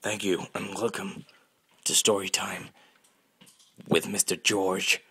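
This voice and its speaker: A man putting on the voice of a solemn documentary presenter, slow and gravelly. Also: low voice, level tone, bright, forceful tone, slight background noise, voice pushed down, heavily acted.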